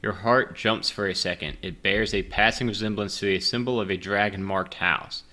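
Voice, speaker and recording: Game master, male, low-ish bright voice, casual and rambling, self-deprecating, drinking a bit. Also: fairly even intonation, moderate pace. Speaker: game master playing a solo gamebook. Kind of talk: casual chat and reading game narration.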